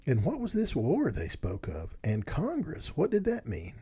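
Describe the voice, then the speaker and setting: Guy reading a storybook aloud, lively up and down, dark mellow voice. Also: high-pitched, moderate pace, hardly any pauses, husky. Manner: expressive, animated reading. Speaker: narrator.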